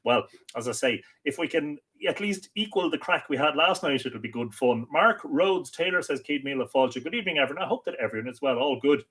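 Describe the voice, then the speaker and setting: An Irish man hosting a live mythology stream, chatting casually and greeting viewers by reading out their comments, often pausing and repeating words. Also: on the high side, expressive, a bit bright, husky. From Ireland. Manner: chatty and friendly, with many hesitant repeats. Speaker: host of a live mythology show.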